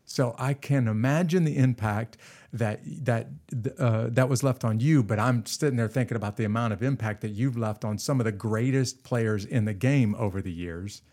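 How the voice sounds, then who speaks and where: A male host with a voice of middle pitch interviews a guest in a casual, friendly way. He keeps the talk moving with quick yeahs and wows, then sets up longer questions about leadership. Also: darkish tone. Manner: friendly, encouraging, backchannels often. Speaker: podcast host, leadership teacher.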